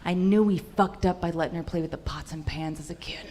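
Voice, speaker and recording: A young woman comedian briefly voicing her exasperated elderly grandmother, blunt and gruff. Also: lowish voice, a little fast, darkish tone, lightly acted.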